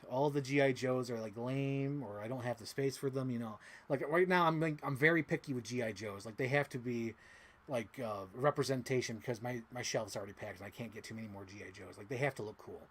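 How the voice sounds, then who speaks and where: A young man chatting casually as a toy collector, rambling, excitable and swearing freely. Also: mid-range voice, fairly quick. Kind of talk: casual unboxing chat.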